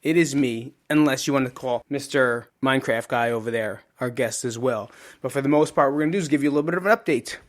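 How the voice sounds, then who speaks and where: A man's voice: medium pitch, fast talker. A man in his thirties hosting a solo podcast, rambling and joking casually with the odd swear word. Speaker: podcast host.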